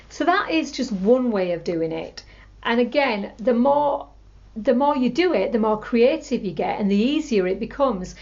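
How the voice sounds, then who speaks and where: A woman teaching a tapping technique, calmly repeating example phrases as she explains. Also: fairly high pitch, normal speed, vocal fry, lo-fi sound. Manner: calm, repetitive, demonstrates scripts aloud. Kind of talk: instructional talk to camera.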